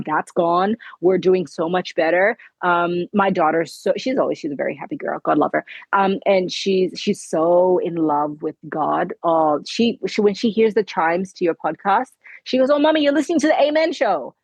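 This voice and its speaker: A woman's voice: lowish voice, moderate pace, hardly any pauses, dry recording, low-quality recording. A middle-aged woman, a podcast guest telling her story earnestly in conversation and acting out the dialogue. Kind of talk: conversational interview.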